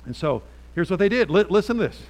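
A middle-aged pastor preaches into a handheld mic with a fairly high male voice. He is emphatic and animated. He drops to quiet asides, then climbs to loud peaks. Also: quick pace, long reverb tail. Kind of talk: sermon.

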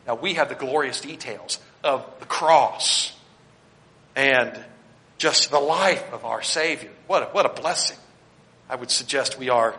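A Baptist pastor with a mid-range voice preaches a sermon, swinging between loud declarations and quiet asides. He speaks straight to his congregation and points them to their notes, and the recording carries long hall reverb.

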